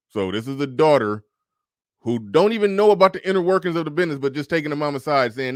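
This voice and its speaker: A man's voice: a little high, lively intonation, quick pace, no room sound, clean studio sound. A man hosting a reaction commentary, casual and profane, speaking. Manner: casual, profane, reads posts aloud in changing voices. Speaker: commentary host.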